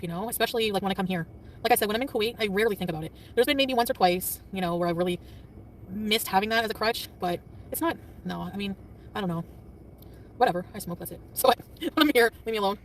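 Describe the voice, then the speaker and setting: This woman's medium-pitched voice has lively intonation as she hurries through a casual livestream, laughing a lot but defensive and quick to fire back at chatters. The mic is distant, picking up a soft traffic hum behind her.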